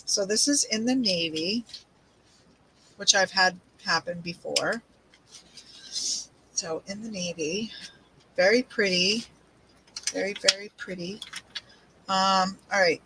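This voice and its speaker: A woman's voice: medium pitch, slow pace, long pauses, fairly bright tone, slight background noise, rough recording. An older woman hosting a craft livestream, chatting casually and rambling as she unpacks supplies and greets viewers by name. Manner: talks while unpacking and showing craft supplies.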